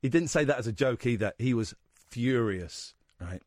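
Male radio host, lively storyteller, dry close studio sound. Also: medium pitch, normal speed, no echo. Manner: rambling, animated anecdote-telling with quoted voices. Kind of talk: casual radio chat, storytelling.

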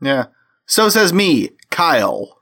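A man's voice: a little high, big pitch swings, slow pace, bright, forceful tone. A man hosting a comedy podcast, joking around and running quiz games in casual chat. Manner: goofy, hosts quiz games. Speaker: podcast host.

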